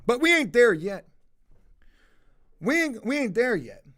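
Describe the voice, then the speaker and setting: A man telling a story to his viewers in a loud, belligerent rant full of swearing. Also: very high-pitched, very animated, unhurried. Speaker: video host. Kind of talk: profane ranting storytime.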